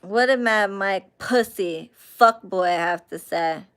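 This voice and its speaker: A woman talks to her live chat in a smooth, clear voice. She rants with lots of swearing, loose and animated, jumping between asides and questions to viewers. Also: medium pitch, takes it slowly. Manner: profane, animated ranting, frequent swearing. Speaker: live stream host chatting with viewers.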